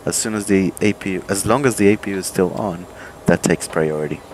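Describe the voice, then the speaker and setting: A man, an airline pilot, calmly walking through aircraft procedures in a relaxed, think-aloud way, with plenty of fillers and restarts. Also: deep voice, a little fast, a little hiss or hum, poor audio. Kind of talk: casual instructional walkthrough. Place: home desk with flight simulator.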